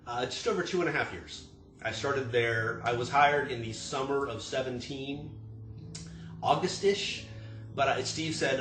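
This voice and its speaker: Brief: easygoing, joking tasting-room manager chatting on a stream from a roomy, slightly noisy space. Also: male voice, medium pitch, measured pace, fairly bright tone. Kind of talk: casual livestream chat. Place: home room. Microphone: video stream mic.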